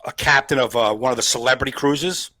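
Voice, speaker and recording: A man's voice: mid-range voice, fairly quick, sharp tone, no room sound. Jersey-accented male comedian co-host, dry close sound, playful riffing, frequent laughs. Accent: New Jersey. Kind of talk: casual chat.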